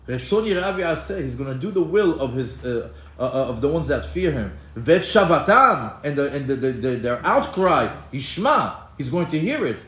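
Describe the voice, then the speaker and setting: A man teaching a Torah class in an animated way, acting out quoted voices and often restarting his sentences. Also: mid-range voice, normal speed, few pauses. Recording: echoey room with faint ambience.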